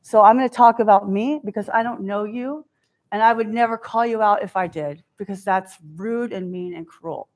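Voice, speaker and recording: A woman's voice: medium pitch, normal speed, a little mellow. A middle-aged woman giving a candid, self-deprecating keynote talk, often acting out what others said to her. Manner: candid, self-deprecating, acts out quoted voices. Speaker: keynote speaker.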